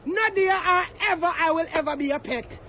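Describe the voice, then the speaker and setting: Jamaican guy with a really high voice going off in a heated rant, yelling and cussing, faint noise behind. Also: brisk. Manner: shouting, cursing, taunting. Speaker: social media personality.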